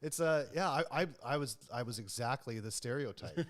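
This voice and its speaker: A man's voice: medium pitch, fairly quick, fairly bright tone. A young man hosting a casual book club talk. He rambles and fills his speech with "like". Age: young adult. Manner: rambling, many fillers. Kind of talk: casual chat.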